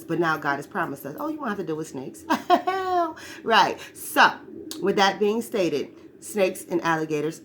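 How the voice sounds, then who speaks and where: A woman's voice: on the low side, background noise. A woman delivering a blunt, profane ranting monologue. She repeats her points and keeps asking "right?" for agreement. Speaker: speaker giving a spiritual-political briefing.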